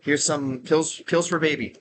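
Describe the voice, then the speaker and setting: A man's voice: fairly high pitch, fairly even intonation, measured pace, fairly bright tone, a little hiss or hum. A man giving casual, rambling commentary while playing a game, full of restarts and fillers. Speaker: game streamer.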